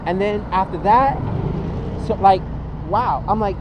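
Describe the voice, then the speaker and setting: A man's voice: high-pitched, a little slow, muffled recording, noisy background. A man in his twenties talking casually in a motivational monologue, earnest and repetitive, with lots of fillers. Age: 20s. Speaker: vlogger.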